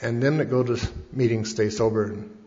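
A man quoting an old woman who flatly repeats the same halting speech. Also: medium pitch, voice pushed down, close to an everyday voice. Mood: droning. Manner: flat, halting, repetitive. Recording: dull lo-fi recording in an echoey hall.

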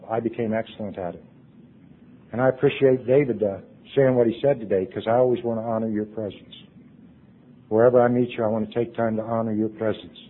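A man telling his recovery story to a meeting, earnest, his voice dropping hushed at emotional points. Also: fairly low pitch, breathy edge. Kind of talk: personal recovery talk. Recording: tinny phone-like recording.

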